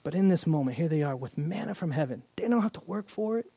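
A man preaching a sermon in a conversational, animated way, often acting out the voices of the people in his story. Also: fairly high pitch, quick pace, gravelly, slightly rough, no room sound. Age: adult. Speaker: pastor.

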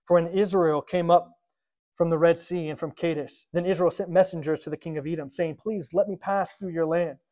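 High-voiced preacher, lively and casual. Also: male voice, brisk. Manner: lively, acts out quotes in a casual modern voice. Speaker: pastor. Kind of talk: sermon reading and explaining scripture.

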